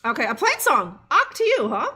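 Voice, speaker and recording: Woman, streamer, casual gameplay chat, laughing, high-ish voice, animated. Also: moderate pace. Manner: chatty, laughing, talks to chat. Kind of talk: live gameplay commentary.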